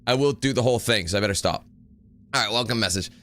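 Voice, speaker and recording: A man's voice: fairly low pitch, quick pace, a bit bright. A young man giving casual, rambling gameplay commentary, greeting viewers and laughing easily. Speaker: gaming YouTuber. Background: music.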